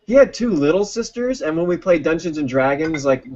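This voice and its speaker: A man's voice: on the high side, expressive, brisk, a little mellow. A man co-hosting a casual podcast, telling playful, laughing anecdotes. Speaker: podcast co-host. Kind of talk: casual chat. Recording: dull lo-fi audio.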